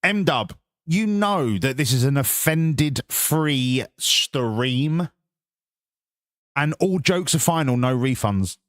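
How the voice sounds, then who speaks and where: A man's voice: mid-range voice, lively intonation, takes it slowly, fairly bright tone, dry recording. An English man live-streams a football management game, ribbing his viewers and swearing freely as he chats. His voice sits in a middle range. The sound is dry and close, with no room around it. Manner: swearing, banter with chat. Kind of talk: casual live-stream chat.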